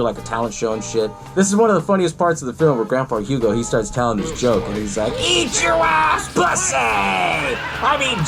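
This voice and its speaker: A man hosting a podcast, casually retelling a movie in a rambling, profane way and laughing often. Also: medium pitch. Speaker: podcast host.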